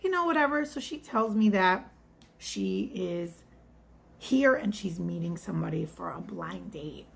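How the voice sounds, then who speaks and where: A woman's voice: fairly low pitch, slow pace, vocal fry, husky. A woman in her thirties or forties telling a story in a casual vlog, chatty and rambling, full of asides. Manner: chatty, rambling asides, acts out quoted voices. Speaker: vlogger and restaurant server.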